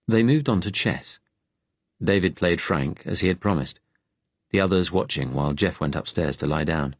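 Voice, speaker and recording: A deep, low-pitched man reads a wartime thriller aloud in a steady, serious, measured way. The sound is close and dry, with no room around it. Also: dry recording. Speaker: audiobook narrator. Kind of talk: scripted narration.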